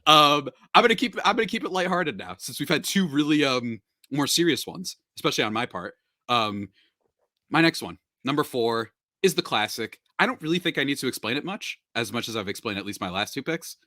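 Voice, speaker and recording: A man's voice: mid-range voice, animated, brisk, sharp tone, no room sound, studio quality. A man hosting a podcast, chatting casually and joking, with lots of fillers. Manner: laid-back, joking, filler-heavy. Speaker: podcast host.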